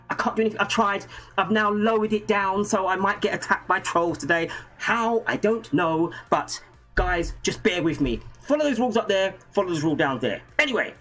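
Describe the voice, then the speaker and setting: A man's voice: high-pitched, bright, forceful tone. A man hosting a casual livestream from home, chatty and jokey, rambling and greeting viewers by name. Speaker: livestream host. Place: home room with a green screen.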